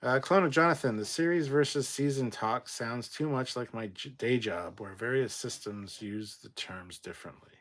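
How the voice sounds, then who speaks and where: A man hosting a casual livestream, reading viewer comments aloud and adding quick, swearing asides. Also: medium pitch, a bit bright. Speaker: livestream host reading chat.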